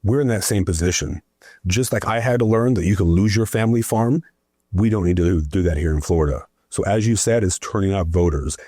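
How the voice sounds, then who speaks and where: A man's voice: low voice, brisk, mellow, no room sound, clean studio sound. A man speaking as a political guest in a conversation, an emphatic storyteller who keeps asking "right?".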